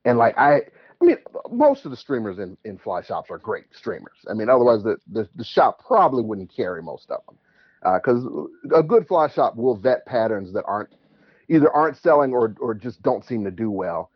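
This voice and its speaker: A man's voice: medium pitch, husky, no room sound, highs cut off. A man calling in to a show and telling stories in a casual, chatty way, laughing easily. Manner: animated, chatty, quick to laugh. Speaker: caller. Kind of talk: casual storytelling.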